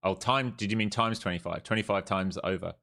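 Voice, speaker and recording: Deep-voiced male streamer, blunt live trading commentary, casual and profane. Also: brisk, creaky, pushed and bright. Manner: casual, blunt, swears freely; thinks aloud, repeats key points. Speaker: live stream day trader.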